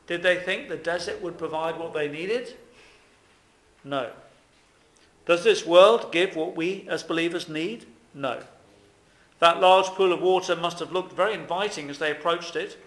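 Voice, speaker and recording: A man's voice: high voice, fairly bright tone. A man preaching a sermon, putting many rhetorical questions to his listeners. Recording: echoey room.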